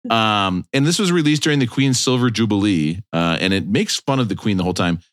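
A man's voice: lowish voice, brisk, no room sound, studio quality. A man hosting a casual podcast, joking around and talking animatedly. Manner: jokey, animated, puts on silly voices. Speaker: podcast host.

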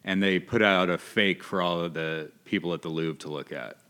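A man's voice: low voice, steady tone, moderate pace, pushed and bright, clean tone. A man co-hosting a comedic podcast, dropping dry joking interjections. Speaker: podcast co-host.

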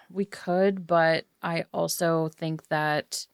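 A woman's voice: deep voice, fairly even intonation, drawn-out words, smooth, no room sound, clean studio sound. A woman playing a tabletop game, talking casually and hesitantly with lots of hedging. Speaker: player.

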